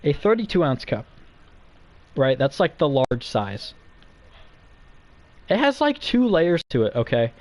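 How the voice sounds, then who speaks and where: A man's voice: on the high side, big pitch swings, measured pace, pauses often, darkish tone. A young man streaming, telling stories in a rambling, profane way full of fillers. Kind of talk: casual live-stream chat. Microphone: streaming mic.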